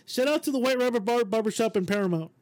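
A man hosting a podcast in casual chat, with loose, excitable and profane banter. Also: very high voice, quick pace. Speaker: podcast host.

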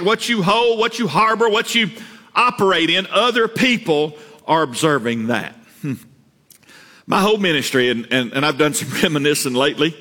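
A man preaching a sermon as pastor, earnest, repeating words and climbing higher to stress a point. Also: pushed and bright. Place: church sanctuary. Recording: reverberant church hall.

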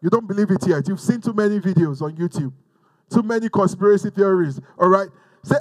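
Male preacher, from Africa, high-pitched, dry sound, fervent sermon, call-and-response. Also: animated, brisk, darkish tone, dry recording, rough recording. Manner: fervent, repeats phrases, leads call-and-response. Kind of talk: sermon teaching.

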